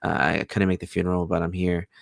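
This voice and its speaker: A man with a very low, gravelly voice co-hosting a TV recap, calmly walking through the plot with plenty of fillers. The recording is dry and close. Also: quick pace, no room sound. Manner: steady plot retelling with fillers. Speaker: podcast co-host. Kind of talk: casual TV recap chat.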